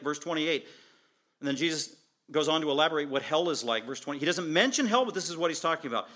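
A man's voice: a little high, animated, quick pace, pushed and bright. A man preaching a sermon as pastor, driving home his points with repeated short, emphatic declarations.

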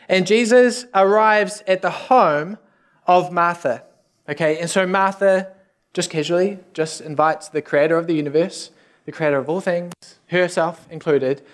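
A man's voice: on the high side, normal speed. A man, a youth pastor, preaching a sermon in a casual, joking way with self-deprecating asides.

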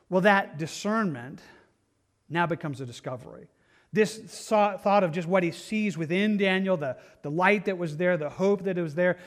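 A man's voice: high-pitched, a bit bright. A man preaching an expository sermon, reading scripture aloud and talking earnestly, with frequent restarts. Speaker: pastor.

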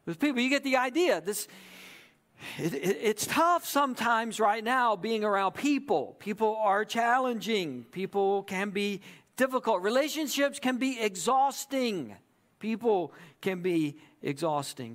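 Male pastor, higher-pitched voice, chatty sermon delivery with frequent audience check-ins. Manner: conversational, repeats "right?" to the audience.

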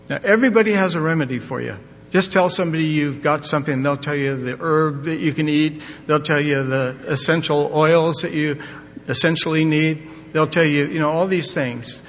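An older man preaches in a folksy, emphatic way, sprinkling in corny jokes. His voice sits fairly high for a man. The recording is dull and lo-fi, with a long hall reverb and a faint rumble underneath. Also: a bit bright. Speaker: pastor. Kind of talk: sermon. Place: church sanctuary.

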